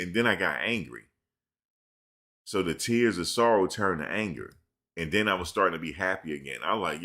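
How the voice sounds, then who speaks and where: A very low-voiced man streams casually from home, sounding bright and forceful as he rambles through slang-filled stories. He reads questions from chat aloud and responds to his viewers.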